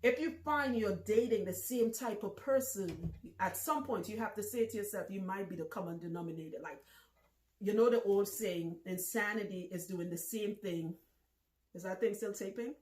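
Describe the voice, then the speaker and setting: A woman in her thirties hosting a casual vlog, talking loudly and bluntly and laughing often. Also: medium pitch, moderate pace. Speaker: vlog host. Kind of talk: casual talk to camera. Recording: echoey room.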